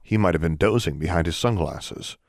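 A man narrates a fantasy novel in a steady, measured reading voice. His pitch sits very low, and the recording is dry, with no room sound around it. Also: no room sound. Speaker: audiobook narrator. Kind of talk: scripted narration.

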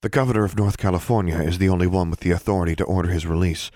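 A man reading an audiobook, voicing a stern, composed woman official in a measured, formal way. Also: sits low, steady tone, a little mellow, no echo, clean studio sound, lightly acted. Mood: cool, formal.

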